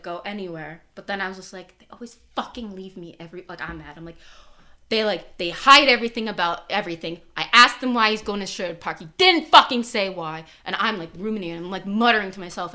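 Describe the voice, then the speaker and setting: A young woman from Canada voices her character at the table with a bright, forceful tone. She rambles fast through "like" and swears freely. Her pitch sits in the middle of the normal range. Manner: animated, swearing, rambling with many "like"s. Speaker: player. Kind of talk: in-character tabletop role-play.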